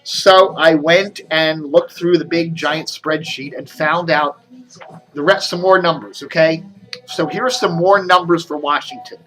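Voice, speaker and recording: A man's voice: on the high side, unhurried, fairly bright tone. A man hosting a casual video show, rambling and reading out figures, his speech a little slurred from a sore in his mouth. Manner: rambling, chatty, reads out numbers. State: talking oddly from a mouth sore. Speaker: host.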